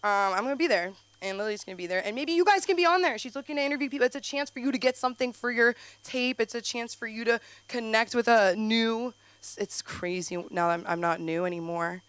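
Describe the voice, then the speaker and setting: A woman's voice: on the high side, fast, a bit bright, clean tone. A woman doing a rambling, profane, self-mocking stand-up set at an open mic. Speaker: stand-up comic. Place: comedy club stage.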